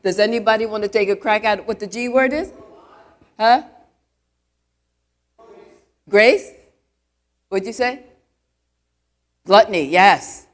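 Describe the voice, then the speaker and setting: Speaking at a measured pace with long pauses, a church elder with a mid-range voice preaches to a live congregation inside a church. Her sermon is chatty and conversational, full of "you know" asides and questions aimed at the congregation.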